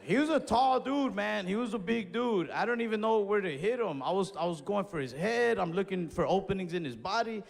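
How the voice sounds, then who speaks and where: High-voiced and a little fast, a young comedian barely pauses as he tells a profane story on stage, vocal fry in his delivery. Long hall reverb surrounds him while he animatedly acts out other voices.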